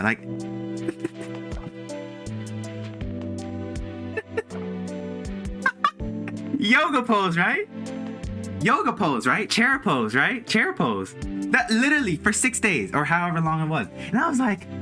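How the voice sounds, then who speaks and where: Streaming from a room at home, this woman offers her chat some casual motivation, emphatic and playful with swooping exclamations. Her voice sits on the low side and has a sing-song quality, moving at a measured pace over music.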